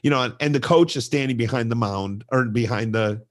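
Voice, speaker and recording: A man's voice: medium pitch, a little fast. A middle-aged man, co-hosting a casual podcast and animatedly telling a youth baseball story, acting out the voices of kids and coaches.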